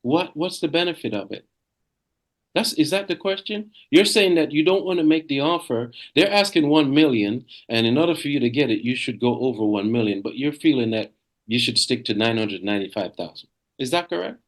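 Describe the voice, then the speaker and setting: A man's voice: mid-range voice, expressive, brisk. A middle-aged man leading a sales coaching webinar over a video call, talking emphatically and repeating key phrases.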